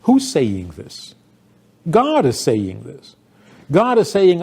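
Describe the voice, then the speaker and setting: A man's voice: on the high side, wildly swooping pitch, slow, vocal fry, a little mellow, breathy edge. An older man, a rabbi, giving an informal talk to an audience, telling stories, asking rhetorical questions and laughing often.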